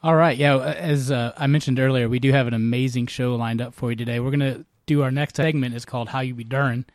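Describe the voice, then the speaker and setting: A man's voice: medium pitch, fairly even intonation, quick pace, no room sound, clean studio sound. Easygoing Southern man laughing along. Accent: Southern American. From American South. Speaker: podcast co-host. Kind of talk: casual chat.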